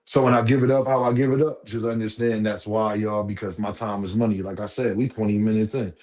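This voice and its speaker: A man's voice: fairly low pitch, steady tone, fast talker, a little mellow. Man preaching on a boxing live stream. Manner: preachy, repetitive, profane, talks straight to viewers. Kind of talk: casual live stream commentary.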